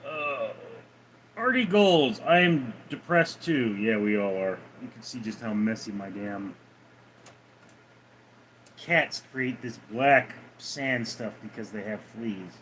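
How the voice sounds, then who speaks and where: A man's voice: mid-range voice, takes it slowly, a bit bright, slight background noise, poor audio. A man hosting a casual livestream, laid-back as he answers viewers' chat messages one by one. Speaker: livestream host reading chat.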